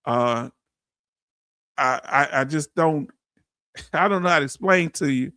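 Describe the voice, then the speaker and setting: A man hosting a casual livestream, reading viewer comments aloud and giving heartfelt shout-outs. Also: fairly high pitch, slow, no room sound, clean studio sound. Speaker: livestream host.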